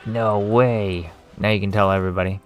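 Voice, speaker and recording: A man's voice: fairly low pitch, fairly even intonation, normal speed, soft background music. A young Canadian man chatting casually while streaming a game, rambling and swearing, laughing at himself. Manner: rambling, profane, self-mocking.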